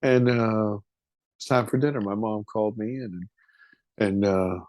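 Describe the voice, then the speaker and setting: A man's voice: lowish voice, unhurried, a little mellow, no room sound. A man in his fifties, a podcast guest, telling a personal story in a vivid, emotional, casual way with some swearing.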